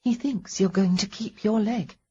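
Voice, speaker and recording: A woman's voice: medium pitch, measured pace, husky, muffled recording, voice pushed up. Woman narrating as a worried, tired young lady. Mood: reassuring. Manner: earnest and gently fretful. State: sleepy. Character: caring, worn-out young lady at a sickbed.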